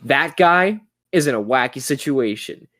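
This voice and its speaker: A young man voicing a goofy teenage skater boy narrating a 90s commercial, with slow, drawn-out pauses. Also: mid-range voice, lively intonation, fairly bright tone, no room sound, studio quality. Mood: mock-dramatic. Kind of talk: podcast bit.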